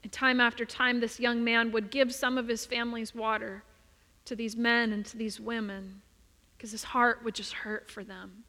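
A woman preacher delivering a sermon built on a story, expressive and often dropping to soft emphasis. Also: a little high, moderate pace. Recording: long reverb of a large hall.

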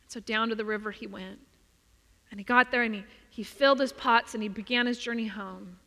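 A woman preacher tells a story in her sermon, expressive, often letting her voice drop soft for emphasis. Her voice is bright and a bit high. It rings out with the long reverb of a large church. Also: fairly quick.

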